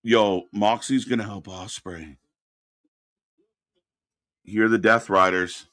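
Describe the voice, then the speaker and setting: A man hosting a live wrestling watch-party stream, ranting with exasperation and profanity, then answering chat messages more calmly. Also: on the low side, slow, dry recording, clean studio sound. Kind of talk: live reaction commentary, reading chat.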